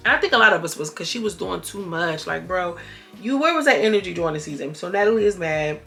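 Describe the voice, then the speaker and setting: A woman giving a casual, animated recap of a reality show, sassy and quick to act out quotes. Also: lowish voice, creaky, soft background music. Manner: animated, sassy, retells scenes in quoted voices. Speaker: reality TV commentator.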